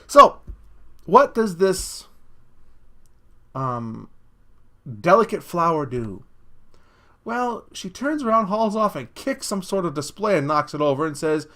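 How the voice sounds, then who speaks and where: A man with a voice pitched a little high for a man, ranting to camera in a blunt, crude way. He rambles and restarts his sentences, stopping often to ask "okay?" as he makes his case. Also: very animated, slow, long pauses, pushed and bright. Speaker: vlogger. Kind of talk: opinion rant.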